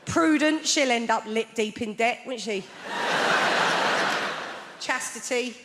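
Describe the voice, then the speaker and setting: A woman's voice: a little high, takes it slowly. A woman performing a stand-up comedy set on a large theatre stage, telling wry stories about family life. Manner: wry, conversational storytelling with acted-out quotes. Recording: theatre stage mic with long hall reverb and audience noise.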